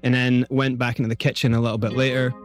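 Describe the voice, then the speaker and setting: A man's voice: mid-range voice, quick pace. Scottish man telling a story over music. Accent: Scottish, Dundee. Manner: animated anecdote, quoting others. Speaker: guest, musician. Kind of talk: storytelling in an interview.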